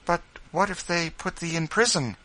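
A man voicing an eager, outspoken young Quaker boy in a storybook reading, raising his voice high above his own. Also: animated, moderate pace, bright, forceful tone, poor audio. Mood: earnest.

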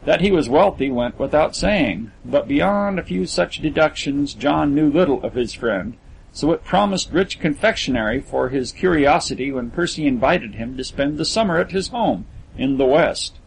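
A man's voice: fairly high pitch, lively intonation, moderate pace, creaky, a little hiss or hum, rough recording. Man narrating a literary audiobook.

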